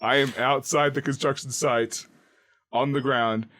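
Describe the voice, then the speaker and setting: A man's voice: mid-range voice, fairly even intonation, a bit bright. A man playing a tabletop role-playing game, describing his character casually and joking around. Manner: casual, playful, quick to joke. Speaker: player. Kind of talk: tabletop role-play chat.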